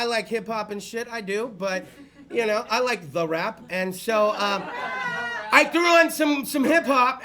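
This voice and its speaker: A man telling a crude, rowdy comedic story, often shouting and laughing. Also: very high-pitched, creaky. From Fresno area, California. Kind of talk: stand-up storytelling.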